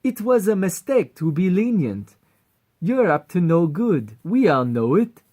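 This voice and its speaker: A man doing a vain, shrill military general. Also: sing-song, measured pace, exaggerated voice. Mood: haughty threatening. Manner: haughty, loud and raised in pitch. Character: vain, high-strung male military general. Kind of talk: amateur voice acting audition.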